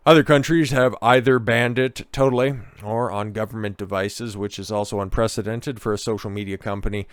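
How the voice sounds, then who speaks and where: Low, profane, sarcastic male ranter. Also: fairly even intonation, brisk, smooth, dry recording. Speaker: political commentary host. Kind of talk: ranting commentary.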